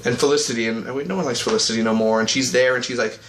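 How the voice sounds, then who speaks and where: A man giving a casual, rambling vlog review of a TV episode. He often breaks into quick mocking voices for the characters. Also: mid-range voice, fairly even intonation, a bit bright. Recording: echoey room with faint ambient noise.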